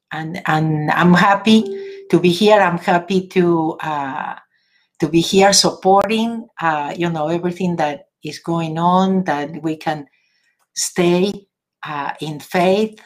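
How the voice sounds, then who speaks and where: A woman from Argentina with an Argentinian accent hosting a casual livestream, chatty and earnest, laughing often. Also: on the low side. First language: Spanish. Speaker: livestream host. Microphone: device camera or phone.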